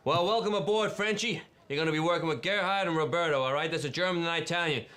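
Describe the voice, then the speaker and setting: An actor playing a gruff boss hiring new workers, who asks blunt, rapid questions. He is heard in a comedy clip played during the show. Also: a little high, pushed and bright, a little hiss or hum. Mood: brisk.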